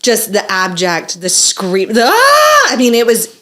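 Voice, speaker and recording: A middle-aged woman, telling a story in casual podcast chat, animated and swearing freely. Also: medium pitch, a little slow. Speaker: podcast host.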